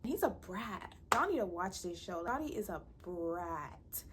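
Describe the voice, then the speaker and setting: A woman's voice: medium pitch, sing-song, moderate pace, a little hiss or hum. A woman giving a blunt, profane, exasperated recap of a reality show. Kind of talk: casual ranting recap.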